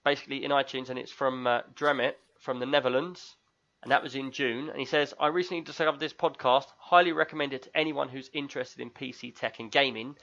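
A man's voice: mid-range voice, steady tone, fast, gravelly, a bit bright. Chatty London man on a tinny mic. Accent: London English. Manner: chatty, joking, reads listener reviews aloud. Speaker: podcast host. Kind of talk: casual chat.

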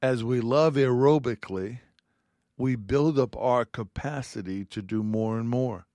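A man's voice: medium pitch, unhurried, dark tone, no room sound. Earnest man teaching the Bible, dry sound. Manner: earnest, heartfelt, reads scripture aloud.

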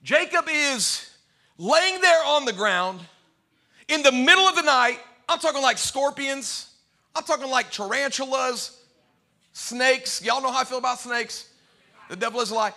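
A man preaching a sermon as pastor to a congregation, animated and humorous, swinging between loud outbursts and quiet asides. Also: very high voice, a little slow. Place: church before a live congregation.

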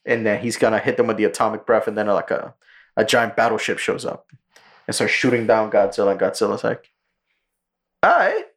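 A man co-hosting a podcast, casually retelling a movie plot with lots of swearing and quick character voices. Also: fairly low pitch. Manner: profane, animated storytelling with quick character impressions. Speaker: podcast co-host.

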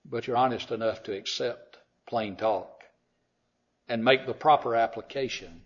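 A man preaching a sermon, emphatic, swinging from loud declarations to quiet asides. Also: mid-range voice, a little slow. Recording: dull lo-fi sound.

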